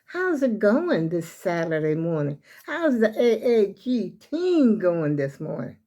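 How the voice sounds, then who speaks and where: A woman's voice: mid-range voice, sing-song, slow pace, warm tone. An older woman vlogging from her home kitchen, chatting in a meandering way straight to her viewers and sounding a little out of breath. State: slightly out of breath. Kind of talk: casual rambling vlog chat.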